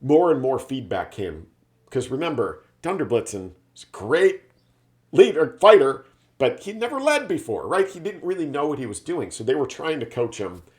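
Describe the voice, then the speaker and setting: A man's voice: mid-range voice, very animated, normal speed, darkish tone. A man, a sales leadership speaker, telling a business parable in a casual storytelling style, often adding tag questions. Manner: chatty, frequent tag questions.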